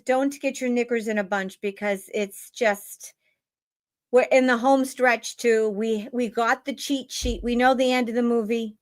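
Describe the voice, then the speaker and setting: Woman host, tarot reader, casual live-stream chat; blunt and sweary, voice sitting a little high. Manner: chatty, blunt, swears freely, keeps asking "right?".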